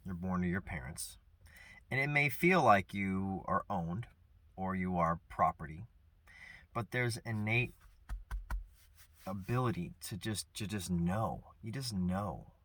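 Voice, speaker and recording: A man speaking earnestly and reflectively about grief and forgiveness, soft-spoken with pauses. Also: sits low. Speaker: vlogger sharing personal grief. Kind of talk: reflective personal talk.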